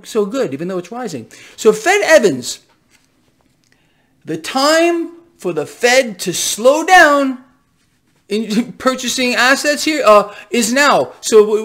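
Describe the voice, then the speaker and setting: A man hosting his own financial commentary vlog. He rants with heavy sarcasm, and his pitch jumps all over the place. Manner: animated, sarcastic ranting. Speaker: host.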